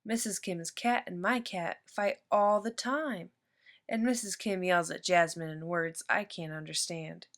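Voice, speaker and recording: A woman reading a children's picture book aloud in steady, even narration. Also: lowish voice, unhurried. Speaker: storyteller.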